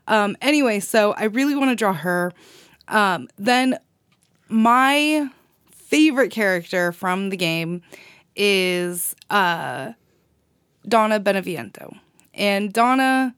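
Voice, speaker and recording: A woman's voice: medium pitch, a bit bright, no echo, studio quality. A woman co-hosting a podcast, talking in a rambling, enthusiastic way with frequent laughs. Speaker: podcast co-host. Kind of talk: casual chat.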